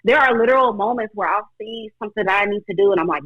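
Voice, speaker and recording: A woman's voice: medium pitch, quick pace, fairly bright tone, no echo. A woman guest on a faith-based talk show, speaking earnestly and reflectively, often voicing her own thoughts aloud. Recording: dull lo-fi audio.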